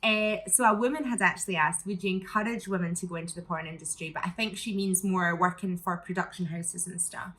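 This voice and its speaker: A woman in her thirties hosting a casual interview, chatty and quick to ask follow-up questions. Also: lowish voice, a bit bright. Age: 30s. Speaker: show host.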